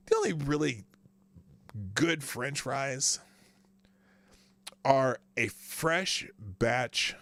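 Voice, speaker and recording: A man's voice: on the high side, vocal fry, fairly bright tone, dry recording. A man hosting a casual live stream, chatting in a rambling way, thanking viewers and reading news aloud.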